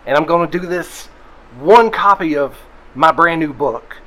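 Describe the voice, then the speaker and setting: A man's voice: a little high, measured pace, fairly bright tone, rough recording. A man playing a grandiose male preacher and orator with a revival-preacher cadence. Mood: preachy. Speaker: player.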